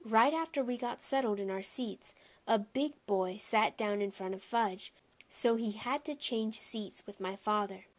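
A woman reading a children's chapter book aloud at a middling pitch. She tells the story in a clear, lively way. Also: unhurried. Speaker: audiobook reader.

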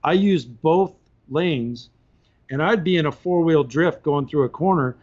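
A man telling long stories on a podcast in a casual, animated way, often laughing as he talks. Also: on the high side, unhurried. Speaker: podcast guest. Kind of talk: casual storytelling. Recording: dull lo-fi podcast audio.

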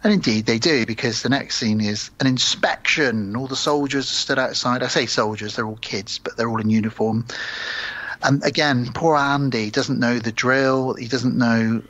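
A man's voice: mid-range voice, normal speed, fairly bright tone, no room sound, dull audio. A man co-hosting a podcast, recapping a film plot in a rambling, sweary, casual way. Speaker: podcast co-host. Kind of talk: casual film review chat.

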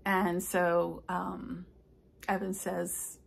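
An older woman, a stitching vlogger, chatting casually and telling rambling stories with soft asides. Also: on the low side, flat delivery, drawn-out words, vocal fry, slightly rough. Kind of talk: casual chat.

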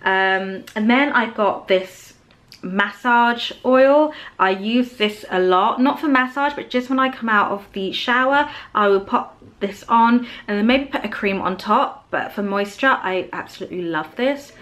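A woman's voice: on the high side, a little slow, fairly bright tone. Young woman rambling through her faves, lots of ums and likes, laid-back vlog chat. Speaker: beauty vlogger. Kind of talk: casual product show-and-tell.

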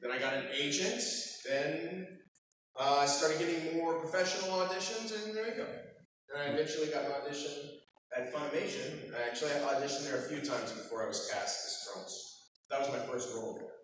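A man's voice: a little high, brisk, slight background noise. Middle-aged guy from texas, general american accent, telling a story on a panel, lots of laughing, recorded far off in a big echoey hall. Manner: animated, laughs often, acts out quoted voices. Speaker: voice actor at a convention panel. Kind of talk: casual storytelling to an audience. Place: large convention hall. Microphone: far camera in the audience.

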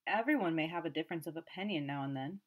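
Brief: haughty quick-tempered young man, sullen under questioning, read by a woman narrator. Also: a little high, expressive. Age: young adult.

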